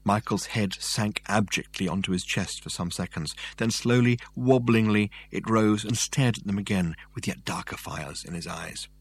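A man reading a novel aloud as narrator in a dry, measured way. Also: lowish voice, breathy edge. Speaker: audiobook narrator. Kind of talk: scripted narration.

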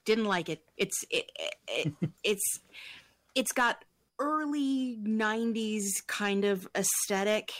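A chatty woman joins a casual panel talk, self-deprecating and quick to laugh. Her voice is close and dry, with no room sound at all. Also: mid-range voice, fairly bright tone, dry recording.

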